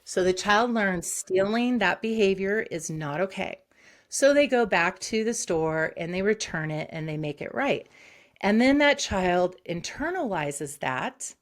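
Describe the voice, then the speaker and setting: A woman psychologist, a guest on an interview show, who explains concepts briskly and acts out short examples. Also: medium pitch, lively intonation. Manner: explains quickly with acted-out examples.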